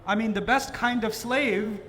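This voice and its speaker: High-voiced man preaching with emphatic repetition. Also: unhurried, pushed and bright, slight background noise. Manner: emphatic, rhetorical questions and repetition; swings between raised and lowered pitch for emphasis. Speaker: Islamic lecturer. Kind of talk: sermon-style lecture.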